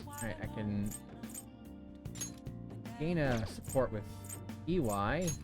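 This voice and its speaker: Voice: medium pitch, lively intonation, slow pace, music in the background. A streamer in their thirties chatting casually and rambling while playing a video game. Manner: chatty, self-amused, rambling.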